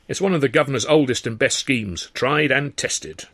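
A man's voice: mid-range voice, normal speed, a bit bright, pitched above the performer's own voice. A man voicing a brash, scheming music-hall lead comic with a boisterous, wheedling showman's manner. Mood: scheming, jovial.

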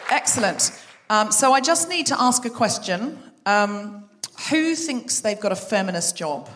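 A woman's voice: mid-range voice, lively intonation, measured pace, fairly bright tone, slight background noise. A woman hosting a live podcast show on a theatre stage, chatting with and quizzing the audience. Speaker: podcast host.

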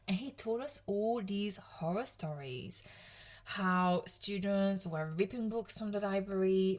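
A woman in her thirties speaks with a French accent, talking straight to her listeners on her own podcast. She is chatty and self-deprecating and laughs a lot as she goes. She comes across as an easygoing coach sharing her own story. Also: mid-range voice. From France, Provence. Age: 30s. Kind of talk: casual solo podcast talk.

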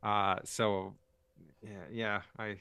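Low-voiced man, halting casual critique. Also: little pitch movement, creaky, bright, forceful tone, smooth, no echo. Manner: hesitant, restarts a lot, critical. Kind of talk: casual chat.

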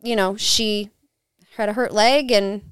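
A woman guest on a podcast, telling her paranormal investigation story in a casual, animated way and acting out quotes. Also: medium pitch, measured pace, clear, resonant tone, no echo, clean studio sound.

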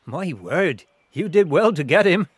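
A man voicing a kindly male horse groom who speaks in a slow, hearty way. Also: fairly high pitch, lively intonation, slightly rough, soft background music, pitched above the performer's own voice. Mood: relieved.

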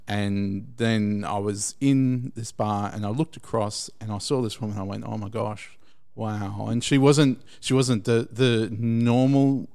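A man of ordinary pitch telling a personal story to friends in an easygoing, unscripted way. He wanders through his tale, stumbling over words and restarting his sentences as he goes. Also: a little mellow, clear, resonant tone. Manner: rambling, halting with many restarts. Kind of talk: casual anecdote.

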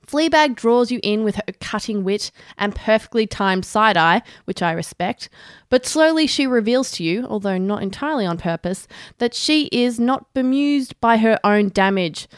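A woman reads a prepared review on a podcast, sounding dry and sardonic and swearing freely. Her voice is smooth and clear. The recording is close and dead, with no room sound. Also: medium pitch, animated, moderate pace, dry recording. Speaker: podcast co-host. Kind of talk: prepared review read aloud.

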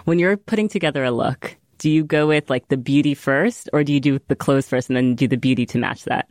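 A woman's voice: rumbling low, a little fast, a little mellow, dry recording, studio quality. A woman hosting a casual chat, enthusiastic and gushing over her guest. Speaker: host.

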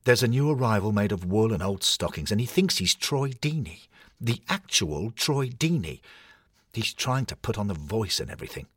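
A man's voice: on the low side, very animated, normal speed, a bit bright, slightly rough, no echo, clean studio sound, pitched above the performer's own voice, exaggerated voice. A man voicing an anxious male cuddly hornet mascot toy who pleads and grumbles. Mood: worried. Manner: fretful, pleading, exasperated.

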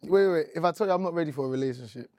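A man's voice: a little high, racing, darkish tone, no echo, studio quality. A young man, bantering defensively and animatedly in a casual group chat.

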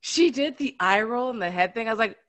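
A woman co-hosting a podcast in casual chat, telling animated stories about her kids and acting them out. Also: on the high side, a little fast, dry recording. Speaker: podcast co-host.

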